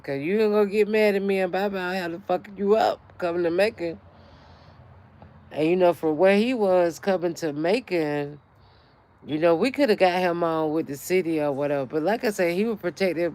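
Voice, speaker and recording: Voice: medium pitch, darkish tone. A middle-aged speaker, ranting in casual livestream chat and telling a heated story full of swearing. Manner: profane, heated storytelling rant. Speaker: channel host.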